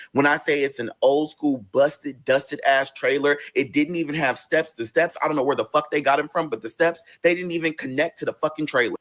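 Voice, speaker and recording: A man's voice: mid-range voice, fairly bright tone. A man telling a long personal story in a casual vlog, cursing freely and talking with big expression.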